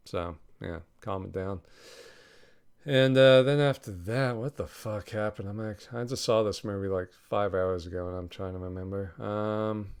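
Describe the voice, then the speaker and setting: A man's voice: lowish voice, clean tone. A young man casually reviewing a film in a rambling, offhand way, swearing freely and chuckling now and then. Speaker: podcast host reviewing a film.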